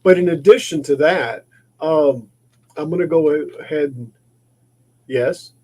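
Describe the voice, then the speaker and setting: A man's voice: fairly high pitch, a little slow, mellow. Rambling man hosting a workshop livestream. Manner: rambling, repeats and restarts words. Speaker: livestream host of a maker shop. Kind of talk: casual livestream chat while working.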